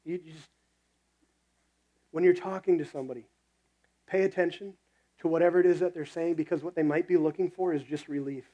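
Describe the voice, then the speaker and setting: Male pastor, conversational sermon with quoted voices; warm, slightly high. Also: fairly even intonation, a little fast, long pauses, muffled recording.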